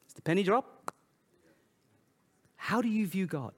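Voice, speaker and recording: High-voiced animated preacher, man. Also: a little slow. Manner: animated preaching with sudden loud and soft swings. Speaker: pastor. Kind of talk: sermon.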